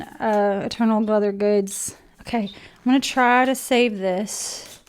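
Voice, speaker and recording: A woman's voice: a little high, fairly even intonation, slow pace, smooth. A woman chatting casually through an unboxing, emotional and gushing, near tears at times. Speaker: vlogger.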